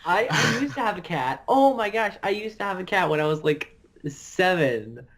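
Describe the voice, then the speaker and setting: Young guy with a higher voice chatting. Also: animated, normal speed, a bit bright. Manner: laughing, jokey asides. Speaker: podcast co-host. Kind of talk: casual chat.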